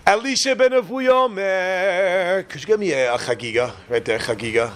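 A man's voice: high-pitched, normal speed, fairly bright tone, a little hiss or hum. A man giving an informal Torah class in a joking, chatty way, often putting questions to his listeners. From Israel. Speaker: rabbi teaching a class.

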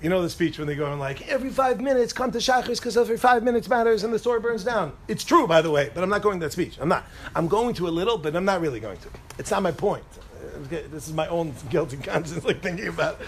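A man's voice: fairly high pitch, lively intonation, fast, breathy edge. A man giving an informal Torah talk to a group, rambling, interrupting himself and cracking jokes. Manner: rambling, self-interrupting, joking. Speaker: Torah teacher speaking to a group.

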